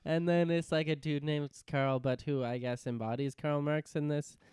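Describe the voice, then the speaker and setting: A man's voice: on the high side, steady tone, moderate pace, a little mellow, clear, resonant tone, no echo, studio quality. A young man co-hosting a podcast, chatting casually with wry, jokey asides. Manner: jokey, wry asides, silly put-on voices. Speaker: podcast co-host. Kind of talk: casual chat recapping a TV episode.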